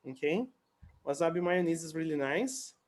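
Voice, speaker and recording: A man's voice: a little high, expressive, moderate pace, a little mellow. A man teaching a casual English conversation class over a video call, chatty and laughing, repeating words so students can learn them.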